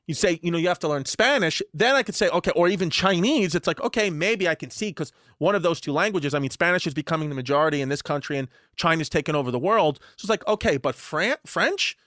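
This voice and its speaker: Man with a New York accent, higher voice. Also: a bit bright, dry recording, studio quality. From Brooklyn, New York. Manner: rambling, profane storytelling with many restarts. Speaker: podcast co-host. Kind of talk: casual comedic chat.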